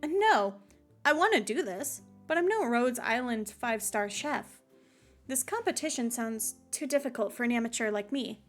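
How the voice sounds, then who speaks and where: A woman's voice: fairly high pitch, lively intonation, normal speed, faint music behind, close to an everyday voice. A woman reading the lines of an unsure apprentice cook aloud from a game, in her own voice. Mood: hesitant.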